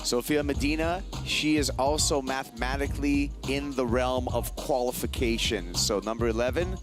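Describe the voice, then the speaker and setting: A man's voice: mid-range voice, steady tone, moderate pace, music in the background. A man commentating live surfing in an easygoing way, laughing between calls. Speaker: surf commentator.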